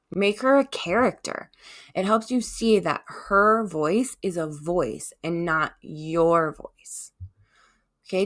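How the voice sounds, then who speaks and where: A woman hosting a self-help podcast, talking gently and encouragingly and often checking in with listeners. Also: on the low side. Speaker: podcast host.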